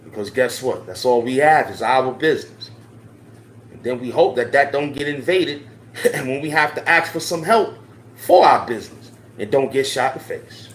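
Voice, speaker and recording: An online commentator delivers impassioned, slangy social commentary to his viewers, repeating points for emphasis. His mid-range voice is expressive and moderately paced. There's a little hiss or hum and a roomy echo.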